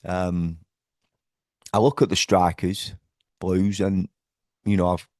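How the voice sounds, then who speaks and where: A man's voice: sits low, level tone, takes it slowly, darkish tone, dry recording, clean studio sound. A man from northwest England, hosting a casual football fan vlog from home, talking passionately and rambling with lots of fillers and restarts. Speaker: football fan channel host. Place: at home indoors.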